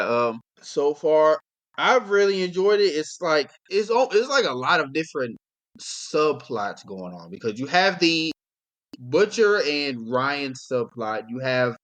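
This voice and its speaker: A man's voice: mid-range voice, sing-song, slow pace, a bit bright. Laid-back young man chatting. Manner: rambling, laid-back, laughs often. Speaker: podcast co-host. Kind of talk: casual chat.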